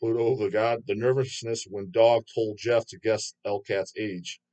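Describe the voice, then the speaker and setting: A man's voice: on the low side, fairly even intonation, unhurried, dark tone. A man hosting his own channel, reading viewer comments aloud and answering them in a rambling, profane way, laughing often. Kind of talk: casual chat.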